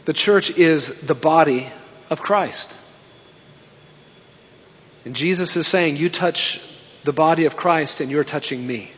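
A man delivers a sermon in a high, husky voice, pressing his points hard and then dropping almost to a murmur. The sound is dull and carries a long hall reverb. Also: slow, pauses often. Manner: emphatic preaching, rising and dropping to hushed tones. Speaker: pastor.

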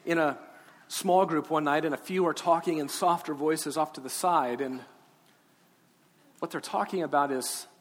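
Pastor in a reverberant church hall. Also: male voice, a little high, moderate pace. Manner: gentle, coaxing with children, then earnest and rising. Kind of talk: Easter sermon with children's talk. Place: large church sanctuary. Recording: long hall reverb, faint room ambience.

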